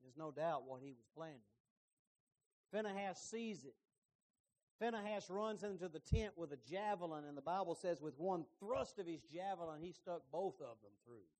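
A middle-aged man preaching a sermon, telling the story with lively emphasis and folksy asides. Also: fairly high pitch, normal speed.

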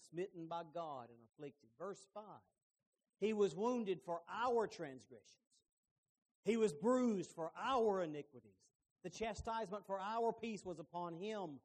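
A middle-aged man preaching a sermon, telling the story with lively emphasis and folksy asides. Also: on the high side.

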